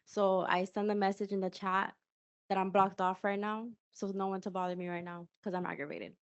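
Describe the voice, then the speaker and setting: A woman's voice: mid-range voice, fairly even intonation, brisk, smooth, muffled recording. A woman in a workshop group answering questions frankly, with some hesitant fillers. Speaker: workshop participant. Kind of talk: candid answers in a group session.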